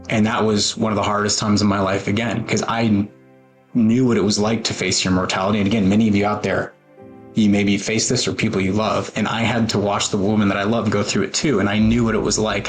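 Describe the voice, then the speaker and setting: A man in his forties telling a personal story in an earnest, emotional way, with pauses and fillers. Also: lowish voice. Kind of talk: personal talk with photos.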